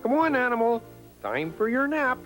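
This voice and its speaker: A man voicing a patient, gently bossy baby frog who coaxes a friend to nap. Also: very high-pitched, sing-song, moderate pace, soft background music, voice pushed up, heavily acted. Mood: coaxing. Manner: patient, coaxing, a little exasperated. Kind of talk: storybook character voice.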